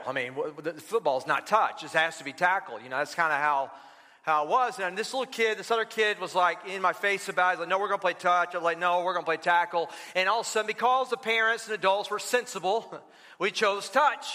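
A man's voice: sits high, bright, forceful tone, long reverb tail. A man preaching as a pastor, telling a personal story with emphatic, rising bursts. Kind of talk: sermon.

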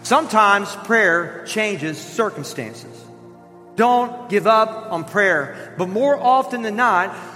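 A male pastor with a high, bright, forceful voice, preaching in a church. He tells his story with animation, slipping into the voices of the people in it. The sound carries a long hall reverb with faint music behind him. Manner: animated storyteller who acts out quoted voices. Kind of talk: sermon storytelling. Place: church sanctuary.

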